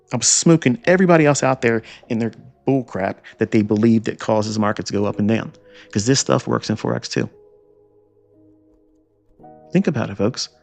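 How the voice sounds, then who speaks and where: A man's voice: mid-range voice, creaky. A man teaching chart trading in a lecture, emphatic and repetitive, firing rhetorical questions and scolding asides. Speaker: trading educator.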